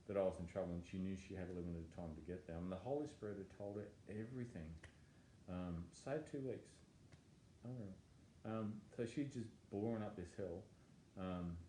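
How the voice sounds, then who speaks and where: A man telling a personal testimony, animated and stammering as he acts out his own thoughts. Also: deep voice, slight background noise. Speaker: testimony speaker. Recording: echoey room with faint ambience.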